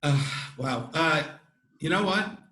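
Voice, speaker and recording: A man hosting a podcast who tells stories in an animated way, with frequent restarts. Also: fairly high pitch, slow. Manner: animated storytelling, many restarts. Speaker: podcast host. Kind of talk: casual chat. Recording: echoey room.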